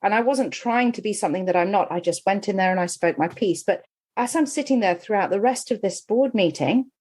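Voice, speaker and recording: A middle-aged woman, a well-being coach appearing as a podcast guest, tells a personal story candidly and with animation, laughing as she goes. Her mid-range voice moves at a brisk pace in this conversational storytelling.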